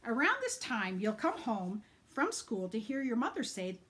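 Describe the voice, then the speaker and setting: A woman's voice: on the high side, big pitch swings, moderate pace, few pauses, a bit bright. A woman reading a picture book aloud, narrating with animation, pointing out pictures and sometimes dropping to a whisper. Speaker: reader.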